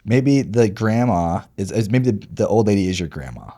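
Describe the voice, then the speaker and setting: A man's voice: on the low side, sing-song, normal speed, dark tone. A man in his thirties co-hosting a casual podcast, playful and teasing, laughing often. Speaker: podcast co-host. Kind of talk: casual chat.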